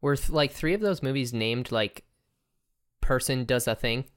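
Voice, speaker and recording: A woman's voice: rumbling low, normal speed. A woman co-hosting a casual movie podcast, laid-back, reading out film facts and asking questions. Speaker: podcast co-host. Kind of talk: casual movie-review chat.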